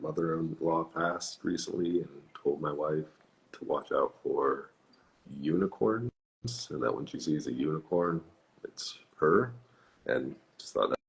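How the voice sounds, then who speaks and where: A man's voice: very deep voice, a little slow, vocal fry, rough recording. A man chatting casually as a podcast guest, easygoing and laughing often. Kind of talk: casual chat.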